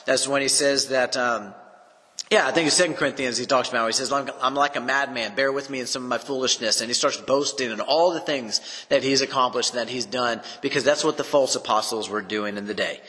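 A man's voice: medium pitch, a little fast, pushed and bright, big-room sound. A man giving an earnest, unscripted Bible teaching on a podcast, repeating words for emphasis.

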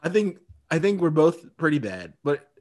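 A man co-hosting a podcast, chatting loosely and laughing often. His voice sits a little high. Its pitch swings widely as he riffs. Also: moderate pace. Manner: laughs often, animated and talkative. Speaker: podcast co-host. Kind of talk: casual chat.

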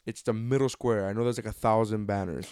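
A man's voice: on the low side, a little fast, slight background noise. A young man hosting a podcast, telling a story in casual, joking banter and swearing freely. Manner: joking, profane, animated storytelling. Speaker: podcast host.

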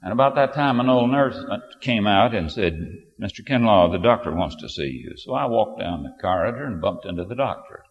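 An older man preaching a sermon, telling a family story in an unhurried, storytelling way with sudden bursts of emphasis. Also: on the low side, animated. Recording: dull lo-fi audio with long hall reverb.

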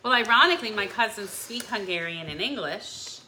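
Woman co-host, casual chat, short reactions, lively pitch. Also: a little hiss or hum, poor audio. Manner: short reactions and quick questions.

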